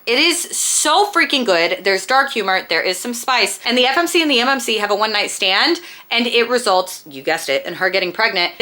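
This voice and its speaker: A woman's voice: medium pitch, sharp tone. A woman chatting casually as a book vlogger, gushing and emphatic as she recommends books.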